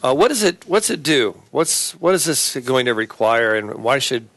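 A man hosting a Christian talk show, talking earnestly and haltingly, with many fillers and restarts. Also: mid-range voice, very animated, fairly bright tone, no echo. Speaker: host.

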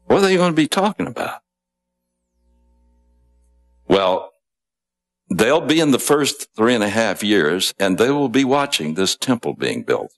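Male preacher, deep voice, unhurried storytelling sermon delivery. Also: sing-song. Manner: conversational storytelling with asides and chuckles.

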